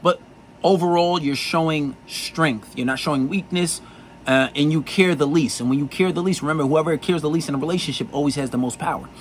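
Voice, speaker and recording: A man's voice: a little high, a little fast, slight background noise, low-quality recording. Blunt, profane man giving dating advice. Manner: blunt, profane and insistent, with lots of repetition. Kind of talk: blunt monologue to camera.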